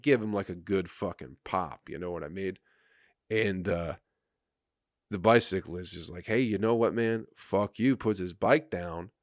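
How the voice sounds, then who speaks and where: A man's voice: fairly low pitch, dry recording, studio quality. A man hosting a podcast, ranting with crude, mocking swearing. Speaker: podcast host. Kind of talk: profane comedic rant.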